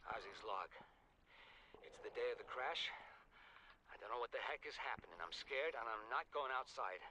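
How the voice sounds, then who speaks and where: A man's voice: mid-range voice, lively intonation, moderate pace, pushed and bright, slight background noise, poor audio. An actor voicing a frightened male survivor recording logs after a crash on an alien world in a video game. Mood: scared. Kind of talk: voiced game audio logs.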